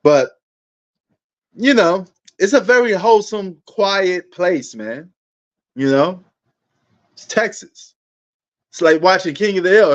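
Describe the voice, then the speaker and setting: A man's voice: high voice, measured pace, pauses often, lo-fi sound. A man hosting a sports livestream, rambling in a laid-back, casual way and talking straight to his viewers.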